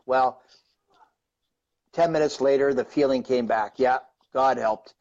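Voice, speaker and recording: A man's voice: mid-range voice, a little slow, darkish tone, dull audio. A man in his fifties from Canada, telling a long personal story as a guest, rambling and conversational with lots of "right?" and "you know". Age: 50s. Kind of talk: storytelling in a live-streamed interview.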